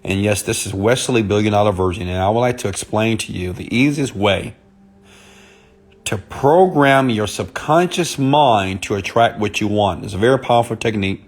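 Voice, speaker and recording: A man speaking softly and intimately on a live stream, greeting viewers by name as a motivational speaker. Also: fairly low pitch, normal speed. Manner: soft, intimate on purpose; chatty, greets commenters by name.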